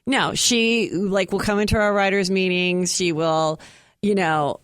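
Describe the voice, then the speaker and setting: A chatty woman with a Valley girl accent talks fast and animated, peppering her speech with "like." Her voice sits at a middle pitch and sounds dry and close to the mic, with no room around it. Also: smooth, dry recording. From San Fernando Valley, California. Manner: chatty, quick, says "like" a lot, animated impressions. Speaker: comedian guest. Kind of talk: casual interview chat.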